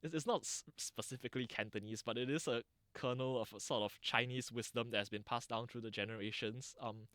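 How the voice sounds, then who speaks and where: A man's voice: medium pitch, fairly even intonation, brisk, hardly any pauses, a bit bright, no echo, studio quality. A man with a Singaporean English accent, answering interview questions in a thoughtful, lecturing way with frequent restarts and fillers. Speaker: interviewee, dialect channel founder.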